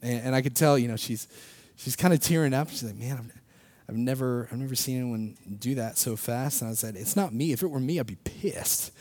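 A young man telling a personal faith story in a casual, animated way, laughing often and acting out what people said. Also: medium pitch, a little fast, no echo. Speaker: speaker sharing a personal testimony.

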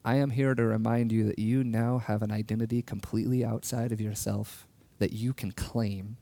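Male preacher, gravelly low-toned voice, earnest and personal; lingers on key words. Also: level tone. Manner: earnest, personal storytelling with soft laughs; slows down to stress key words. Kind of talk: sermon.

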